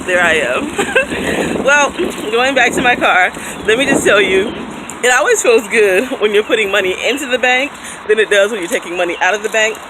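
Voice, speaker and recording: Thirties woman, casual animated vlogger, phone at arm's length outdoors, loud ambient noise. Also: on the high side, normal speed. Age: 30s. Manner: chatty, animated, laughs often. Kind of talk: casual vlog chat. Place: outdoors in a city, by a fountain, then in a car. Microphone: phone held at arm's length. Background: street ambience, fountain, traffic.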